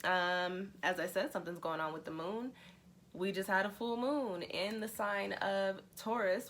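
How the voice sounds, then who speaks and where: A woman's voice: lowish voice, a bit bright, slight background noise. A woman hosting her astrology and tarot channel, talking in a chatty, emotional way with frequent laughs and fillers. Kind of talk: casual vlog explanation.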